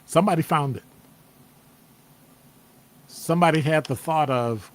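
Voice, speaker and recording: Midwestern man, casual motivational talk, animated and playful, acts out reactions. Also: fairly high pitch, measured pace. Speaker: host. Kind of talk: casual motivational talk to a live-stream audience. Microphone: streaming setup microphone.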